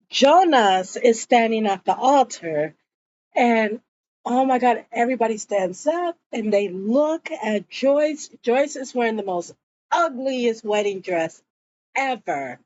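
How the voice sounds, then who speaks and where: A woman's voice: a little high, expressive, takes it slowly, darkish tone, dull audio, slight background noise. A woman casually recapping a TV episode, gossiping, acting out the characters' lines and cursing along the way. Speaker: show recapper.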